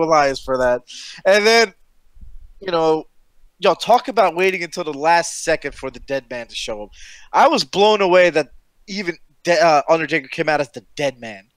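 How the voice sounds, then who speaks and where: A high-pitched man chatting on a podcast, swearing freely and getting worked up as he retells a story. His voice sits dry and close, with no room sound. He talks loosely and casually. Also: clean tone, no room sound. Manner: excited, profane, storytelling. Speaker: podcast co-host. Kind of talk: casual chat.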